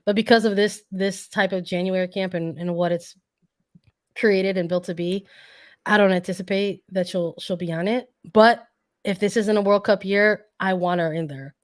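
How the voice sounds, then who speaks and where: A hoarse woman chatting on a sports podcast, her voice sitting in a middle pitch range. She keeps clearing her throat and restarts her sentences as she works out a point. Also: steady tone, moderate pace. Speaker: podcast co-host. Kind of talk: casual sports podcast chat.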